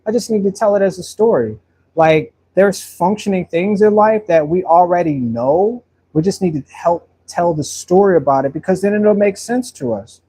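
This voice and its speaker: Husky rambling painter, casual. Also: male voice, high voice, moderate pace, dark tone. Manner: long-winded, full of fillers like "you know" and "like". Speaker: painter livestreaming his work.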